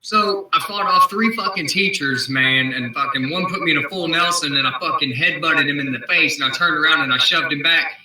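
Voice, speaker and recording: A man in his twenties telling rowdy, profane stories in a casual, animated way, heard through a laptop mic. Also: fairly high pitch, fairly quick, hardly any pauses, far from the mic, a little hiss or hum. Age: 20s. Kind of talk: casual storytelling. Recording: echoey room, off-mic laptop.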